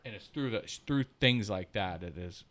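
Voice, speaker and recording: A man, telling rambling, profane stories on a podcast, loud when he laughs and hushed when he turns reflective. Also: on the low side, lively intonation, moderate pace. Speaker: podcast co-host. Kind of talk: casual storytelling chat.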